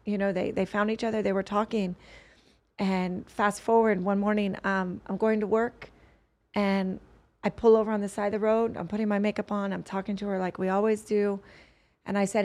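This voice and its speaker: A woman's voice: mid-range voice, flat delivery, normal speed, a little mellow. A woman guest on a podcast, telling a personal story earnestly, rambling and restarting her sentences often.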